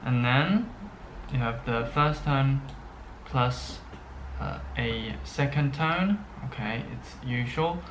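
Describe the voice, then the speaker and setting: A male Chinese language teacher gives an unscripted lesson very slowly and haltingly, with many pauses and fillers, often checking in with "okay". His voice is medium-pitched, and there's background noise.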